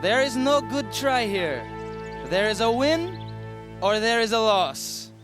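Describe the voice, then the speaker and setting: A man putting on a Russian accent to voice a stern man delivering a hard motto slowly. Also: very high-pitched, big pitch swings, music in the background, pitched above the performer's own voice, full character voice. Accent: put-on Russian. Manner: slow, weighty delivery.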